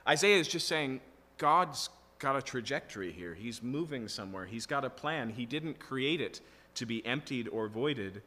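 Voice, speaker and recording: Man, pastor, earnest emphatic sermon, bright forceful voice, long hall reverb. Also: medium pitch, lively intonation, normal speed. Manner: earnest, emphatic teaching with frequent "okay" and "right" checks. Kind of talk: expository sermon.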